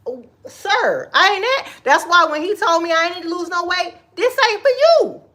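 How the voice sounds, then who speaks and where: A woman in her forties chatting casually on a livestream from her kitchen, sassy and expressive, laughing often and giving advice to viewers she calls girl and baby. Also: very high voice, normal speed. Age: 40s. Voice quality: expressive, laughs often, Southern Black American vernacular turns. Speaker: livestream host. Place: home kitchen.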